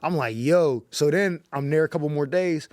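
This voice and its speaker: A man from Pittsburgh, a comedian telling a story on a talk show in an animated, profane, slang-heavy way. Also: fairly high pitch, a little fast, clean tone, no echo, clean studio sound. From Pittsburgh, USA. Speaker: comedian guest. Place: studio.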